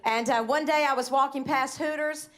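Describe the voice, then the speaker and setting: A woman's voice: high-pitched, fairly even intonation, moderate pace, a bit bright. A woman with a Southern accent performing a brash, profane stand-up set at a comedy club. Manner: brash, profane, mocking quoted voices. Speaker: stand-up comic. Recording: live club with audience laughter.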